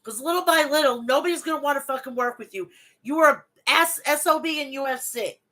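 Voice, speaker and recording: On her wrestling review show, this host speaks a little fast in a high-sitting, sharp voice, captured on a rough recording. She reads out an event recap, ranting bluntly and hotly and swearing plenty.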